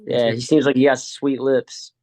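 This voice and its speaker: A man's voice: medium pitch, level tone, normal speed, mellow. A man being interviewed on a podcast, answering in a laid-back, slangy, joking way. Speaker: wrestler guest. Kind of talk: casual interview chat.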